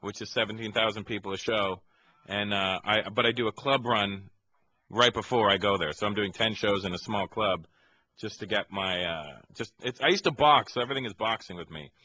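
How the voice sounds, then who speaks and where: Male comic guest, lively and chatty, low-pitched with a bright edge, studio interview. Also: brisk, slight background noise. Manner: animated, laughing, mimics accents. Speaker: comedian guest. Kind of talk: casual radio interview. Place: radio studio.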